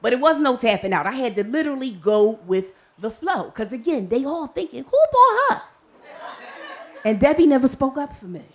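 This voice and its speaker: Woman, storyteller, comic, lively pitch, live stage, faint background noise. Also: a little fast, hardly any pauses. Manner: animated and comic, acts out her own panicked voice. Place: stage before a live audience.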